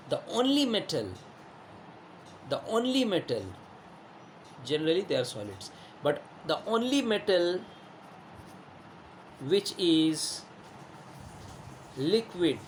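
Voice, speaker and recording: A man's voice: fairly high pitch, sing-song, slow, long pauses, a little hiss or hum. A male teacher giving a classroom lesson, who repeats himself, asks rhetorical questions and shows objects while explaining.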